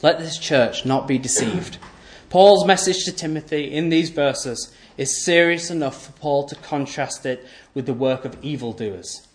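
A male preacher with a slightly high voice delivers an emphatic sermon. He repeats key phrases, poses rhetorical questions, and lets his sentences fall away low and soft. The room around him is echoey. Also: unhurried, hardly any pauses. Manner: voice often drops low and soft at the end of phrases.

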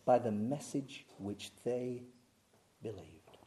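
Dynamic preaching man, loud to hushed. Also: animated, a little slow. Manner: swings from booming emphasis to hushed intensity. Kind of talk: sermon.

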